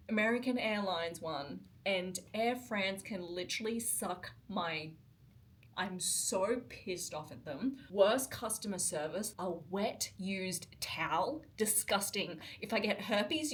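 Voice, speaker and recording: A young woman vlogging from a hotel room, talking to her camera in an emotional, exasperated rant. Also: mid-range voice. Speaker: travel vlogger. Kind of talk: casual vlog talk to camera.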